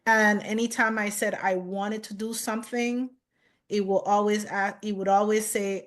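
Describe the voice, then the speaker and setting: A woman's voice: mid-range voice, steady tone. Reflective woman guest telling her story. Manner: measured, reflective, unhurried. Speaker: chef and guest.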